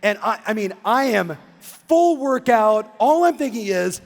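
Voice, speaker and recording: A man giving an animated keynote talk in a big conference hall, acting out a story and breaking into shouts. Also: high-pitched, a little slow, gravelly. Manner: excitable, acts out the scene and shouts. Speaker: real estate coach and keynote speaker. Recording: long reverb in a big hall.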